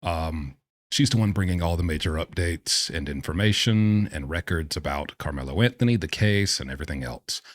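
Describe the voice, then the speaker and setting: A man's voice: sits low, expressive, normal speed, no room sound, clean studio sound. A man hosting a casual commentary video, talking in a sarcastic, exasperated way with scoffing remarks. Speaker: true-crime commentary host.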